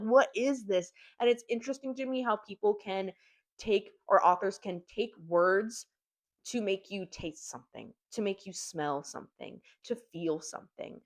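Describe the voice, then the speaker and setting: A young woman reviewing books in an animated, chatty way, swearing casually. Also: medium pitch. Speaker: book reviewer. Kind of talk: casual chat.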